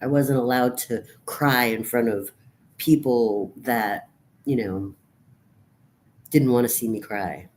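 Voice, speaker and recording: A middle-aged woman venting in a raw, profane monologue to camera, swinging from quiet brooding to loud outbursts. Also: extremely low pitch, steady tone, slow pace, long pauses. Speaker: vlogger.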